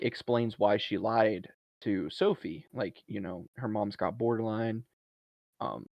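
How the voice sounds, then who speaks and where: A man's voice: on the low side, gravelly, no echo. A man co-hosting a podcast, casually recapping a movie and acting out the characters' lines. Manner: animated storytelling, acts out characters' lines. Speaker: podcast co-host. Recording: dull lo-fi, dry.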